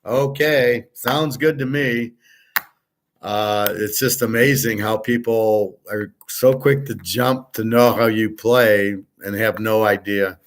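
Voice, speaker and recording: A man's voice: lowish voice, steady tone, slow, hardly any pauses. A man from the United States hosting a live sports betting show, chatting casually with viewers in a blunt, rambling way and swearing freely. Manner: opinionated, tells long anecdotes. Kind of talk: casual live-stream chat, reading viewer comments.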